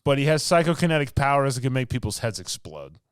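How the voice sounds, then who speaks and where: A man with a smooth, resonant voice rambles through a movie plot for his podcast, full of fillers and asides. The sound is close and dry, with no room around it. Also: medium pitch, sing-song, fast talker, no room sound. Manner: rambling, filler-heavy storytelling with laughs. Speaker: podcast co-host. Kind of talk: casual movie recap.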